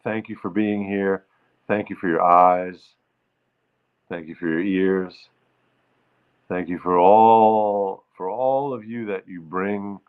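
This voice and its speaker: Male host, relaxed and playful, slow delivery; sings with ukulele on a tinny streamed feed. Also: low voice, clean tone. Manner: crooning, playful, greets viewers by name. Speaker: livestream show host. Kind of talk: casual livestream chat with ukulele songs. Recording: phone-like streamed audio with faint ukulele.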